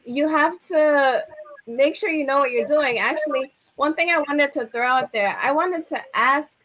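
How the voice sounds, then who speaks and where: A woman's voice: high-pitched, moderate pace, a bit bright, low-quality recording. A woman on a casual panel discussion, answering firmly and decisively.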